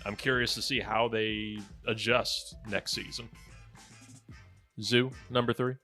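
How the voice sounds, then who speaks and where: A man's voice: on the low side, level tone, takes it slowly, sharp tone, faint music behind. A young man hosting a casual sports podcast, joking and keeping the countdown moving. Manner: joking, upbeat, runs the countdown. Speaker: podcast host.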